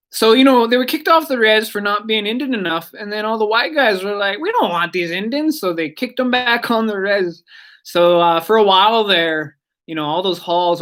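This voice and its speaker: A woman giving a casual radio language lesson, chatty and digressive, repeating words slowly for learners. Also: mid-range voice, a bit bright.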